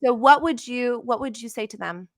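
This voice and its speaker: A woman's voice: fairly high pitch, normal speed, no room sound, clean studio sound. A woman in her forties hosting a podcast, chatty and affirming, often trailing off and restarting her thoughts. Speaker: podcast host. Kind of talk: casual interview chat.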